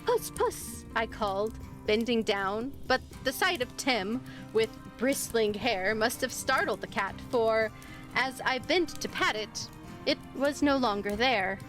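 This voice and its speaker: A woman narrating a spooky old story on a live stream, giving the dialogue expressive life. Her voice sits a bit high. Soft music plays faintly in the background. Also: a little slow. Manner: expressive, lively voicing of dialogue.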